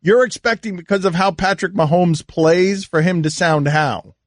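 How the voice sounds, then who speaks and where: A man's voice: high-pitched, moderate pace, no room sound, clean studio sound. Teasing male sports radio host. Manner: teasing, incredulous.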